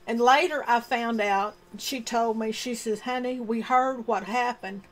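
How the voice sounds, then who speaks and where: Woman talking slow, earnest and emotional, repeats stuff for emphasis, bit high pitched. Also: steady tone, rough recording. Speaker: domestic violence survivor sharing her story. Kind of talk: personal storytelling monologue.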